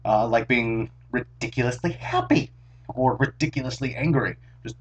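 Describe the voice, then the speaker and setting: Through a small camera's built-in mic, a hoarse young man chats casually in a rambling vlog, joking and poking fun at himself. His voice is medium in pitch and a little mellow.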